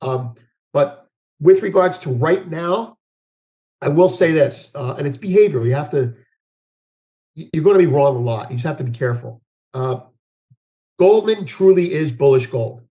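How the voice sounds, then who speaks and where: A man's voice: a little high, lively intonation, moderate pace, pauses often, mellow. Rambling male market analyst. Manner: rambling with many restarts and fillers. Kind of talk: conversational interview.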